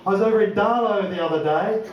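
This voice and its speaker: A man's voice: high-pitched, recorded from a distance, lo-fi sound, crowd noise. An older Australian man doing a wry, swearing stand-up comedy set on a club stage. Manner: wry, swearing, does quick voices for others. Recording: roomy club sound from afar, audience.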